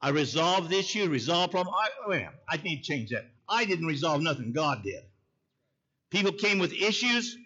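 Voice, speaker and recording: A preacher tells a story from the pulpit in a folksy way, checking in with his listeners as he goes. His voice is bright and tense and sits a little high for a man. The recording is muffled and lo-fi. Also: breathy edge. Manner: folksy, calls out to the congregation. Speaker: pastor. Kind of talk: sermon with storytelling.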